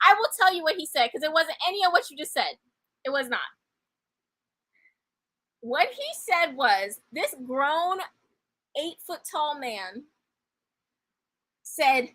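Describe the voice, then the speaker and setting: A woman co-hosting a casual wrestling review show from a home mic, animated and quick to correct her partner. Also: sits high. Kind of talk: casual podcast review chat.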